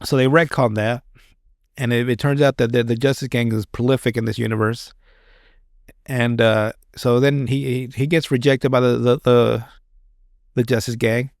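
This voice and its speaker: A man chats on a podcast in a loose, rambling way. He swears freely and restarts his sentences often. His voice sits at an ordinary middle pitch and sounds close and dry, with no room behind it. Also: fairly even intonation, moderate pace, no echo. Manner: rambling and profane, with many restarts. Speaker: podcast host. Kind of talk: casual chat.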